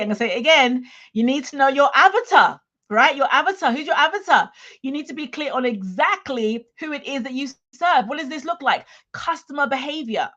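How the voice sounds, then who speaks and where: A woman's voice: on the high side, a bit bright. Woman business coach, livestream talk, punchy, keeps asking the audience "okay?", slightly muffled sound. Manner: emphatic, repeats "okay?" to the audience.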